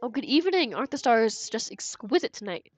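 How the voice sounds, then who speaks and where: A woman's voice: fairly high pitch, very animated, fairly quick. A woman voicing a polite, formal female owl stargazer, reading game dialogue aloud in character with genteel, old-fashioned phrasing.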